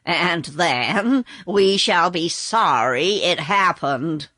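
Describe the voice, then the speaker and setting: A woman voicing a gloomy, growling male cab horse in a storybook reading, slow and a little louder than her narration. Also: mid-range voice, animated, no echo, clean studio sound, heavily acted. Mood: grumbling.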